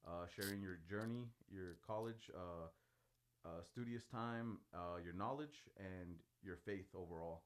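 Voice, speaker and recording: A man's voice: low-pitched, measured pace. A man hosting a casual podcast chat, laid-back, often laughing and calling his guest bro. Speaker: podcast host.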